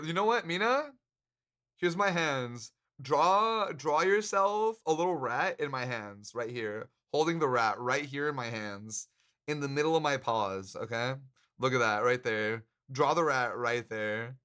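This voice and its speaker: A man's voice: on the high side, measured pace, sharp tone, smooth. A man streamer chatting casually with his live audience, joking, laughing often and swearing freely. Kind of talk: casual livestream chat. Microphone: handcam stream mic.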